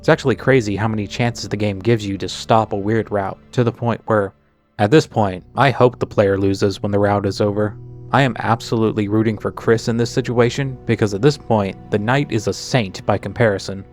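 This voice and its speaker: A man's voice: on the low side, fairly even intonation, a little fast, soft background music. A man narrating a character analysis of a video game in a chatty way, drifting into tangents and sarcastic asides. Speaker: video essayist.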